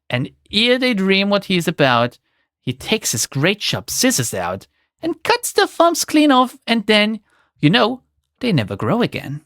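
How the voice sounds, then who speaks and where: A woman's voice: medium pitch, dry recording, clean studio sound. Woman doing a strict storybook mom giving a warning, sing-song, bouncy delivery. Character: stern storybook mother warning her son.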